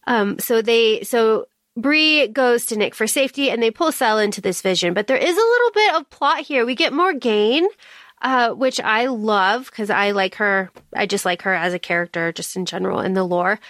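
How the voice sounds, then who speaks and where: Brief: woman podcast co-host, slightly high voice, casual and chatty, dry close recording. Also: a bit bright, dry recording. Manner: chatty, laughs often, acts out quoted lines. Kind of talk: casual book discussion.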